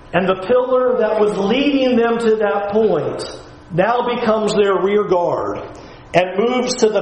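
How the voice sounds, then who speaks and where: A man with a high voice preaches earnestly and with emphasis, sometimes sinking low and quiet. The sound rings in an echoey room. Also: a little hiss or hum. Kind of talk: sermon.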